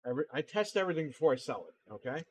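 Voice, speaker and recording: A man's voice: fairly high pitch, sing-song, racing, a little mellow, low-quality recording. A man hosting a casual livestream, telling blunt, profane, exasperated stories about customers. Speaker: livestream host and console repair seller.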